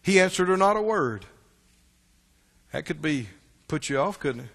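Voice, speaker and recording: A male preacher delivering an animated sermon and calling for answers from the congregation. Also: on the high side, normal speed, creaky. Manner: animated, calls for responses from the congregation. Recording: long church-hall reverb.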